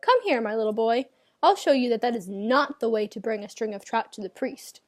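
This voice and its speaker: A woman voicing a gentle, patient village priest in a told folk tale, speaking in an instructive way. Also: on the high side, expressive, fairly quick, natural voice. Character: patient wise village priest, middle-aged man.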